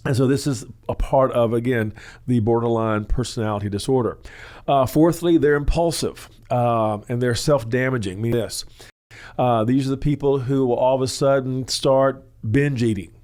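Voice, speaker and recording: A man hosts a church counseling show and explains things at length in a loose, rambling way. He pauses often with "uh" and "you know" and sometimes acts out the people he describes. His pitch sits in the middle range for a man. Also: darkish tone. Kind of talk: teaching talk on a question-and-answer show.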